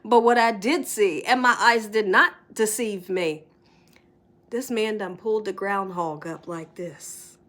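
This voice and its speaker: Vlogging from home, a middle-aged woman tells her viewers a story animatedly, laughing often and dropping into whispers. She has a medium-pitched voice and a measured pace.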